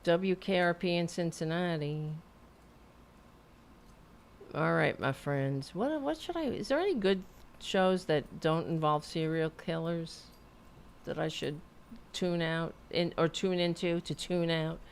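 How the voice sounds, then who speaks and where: Chatty woman host, low voice. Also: measured pace, slight background noise. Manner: chatty and rambling, swears freely. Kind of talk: casual live-stream sign-off chat.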